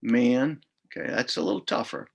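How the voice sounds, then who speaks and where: A gravelly, mid-range voice belongs to a middle-aged reading instructor who explains lesson procedures casually, sounding letters out aloud. He's expressive and talks at normal speed.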